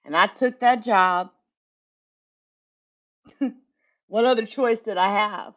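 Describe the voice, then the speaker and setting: This middle-aged American woman, a tech channel host, talks slowly in a slightly bright, mid-range voice. In a relaxed chat she tells an honest, foul-mouthed tale from her working life and laughs a lot, all on a dull lo-fi recording.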